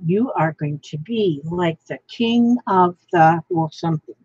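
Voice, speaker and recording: A woman's voice: fairly low pitch, measured pace, darkish tone, husky, no echo, muffled recording. A woman vlogging while she crafts, thinking aloud in a rambling way, trying out names and chatting to the piece she is making.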